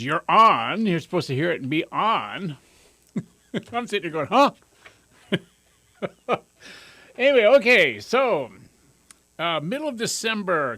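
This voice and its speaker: A man hosting a radio talk show in a studio, talking with high energy and joking at his own expense. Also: gravelly, a bit bright, no room sound. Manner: high-energy, jokey, self-amused. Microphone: studio microphone.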